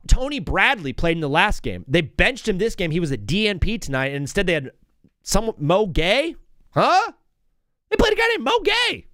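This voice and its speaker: A young man hosts a live sports stream in an easy, rambling way, tossing out jokes and plenty of "dude." His fairly high voice swings up and down with lively energy. The sound is dry and close, with little room around it. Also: no echo. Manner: rambling, joking, heavy on "dude" and "bro".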